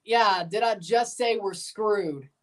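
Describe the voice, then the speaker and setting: A woman's voice: mid-range voice, slow pace, far from the mic. Woman bantering through a live soccer watchalong. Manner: banters with viewers, swears, chants and sings along. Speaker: streamer reacting to a soccer match.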